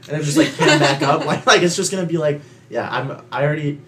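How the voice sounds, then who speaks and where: A young man co-hosting a podcast, rambling and animated, packed with fillers and swearing. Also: a little high, quick pace. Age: young adult. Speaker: podcast co-host. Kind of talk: casual chat.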